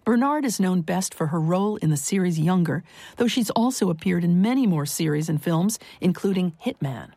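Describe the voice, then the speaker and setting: A woman host introducing the next story in a dark, mellow, fairly low voice. The studio sound is dry and close, and her delivery is appreciative and scripted. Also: lively intonation, normal speed, dry recording.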